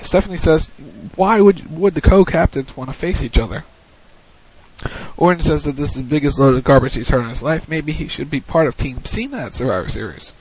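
A man's voice: on the high side, darkish tone, breathy edge. Man recapping wrestling in dull audio. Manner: recounts events in a hurried play-by-play, with frequent restarts. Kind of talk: casual recap commentary.

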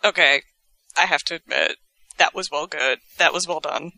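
A woman co-hosting a podcast in casual chat, playful and quick with reactions. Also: sits low, gravelly, sharp tone. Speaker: podcast co-host.

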